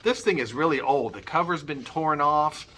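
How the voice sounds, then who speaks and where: A man's voice: a little high, moderate pace, sharp tone. A middle-aged man leading a children's church music lesson, upbeat and coaxing, modelling sounds for the kids.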